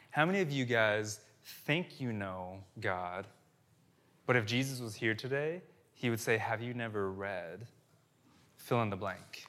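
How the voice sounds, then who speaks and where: A pastor in his thirties preaching a sermon to a church, casual and conversational, swinging between loud emphasis and quiet asides. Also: mid-range voice.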